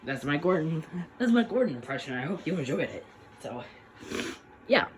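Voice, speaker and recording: A man's voice: fairly high pitch, very animated, moderate pace, slight background noise. A man casually reviewing a toy train set, chatty and rambling with frequent restarts.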